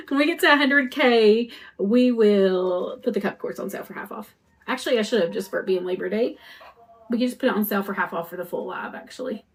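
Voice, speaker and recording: A woman's voice: mid-range voice, expressive, normal speed, husky. A woman hosting a crafting live stream, chatting to viewers in a rambling, conversational way while she works. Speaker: custom cup shop owner hosting a live stream.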